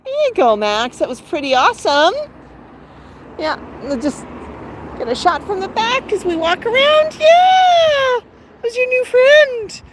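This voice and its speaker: Her pitch is extremely high and sing-song, her pace moderate, and she pauses often. A middle-aged host, she coaxes her pet bird during a livestreamed walk outside in a residential neighborhood, against a noisy background.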